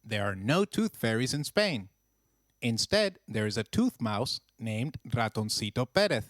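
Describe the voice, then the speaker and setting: A man narrating a scripted language lesson with slow, clear, encouraging drills. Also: medium pitch, sing-song, fairly bright tone, no room sound, clean studio sound. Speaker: language teacher.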